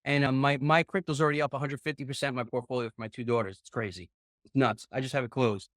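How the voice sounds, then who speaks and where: A middle-aged man coaching a group call on real estate investing, rambling and excitable, swearing often. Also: medium pitch, fast talker, dry recording, studio quality.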